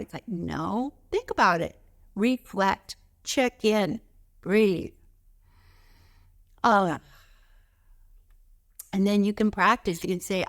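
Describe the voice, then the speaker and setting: A woman teaching spiritual practice, speaking calmly and emphatically as she guides slow breathing exercises. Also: mid-range voice.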